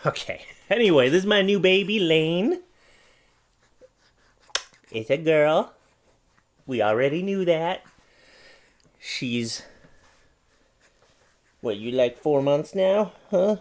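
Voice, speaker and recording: A man hosting a casual home vlog, talking playfully and gently to his baby in his home office. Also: on the high side, expressive, takes it slowly, long pauses. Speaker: YouTube host and new father. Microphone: studio microphone.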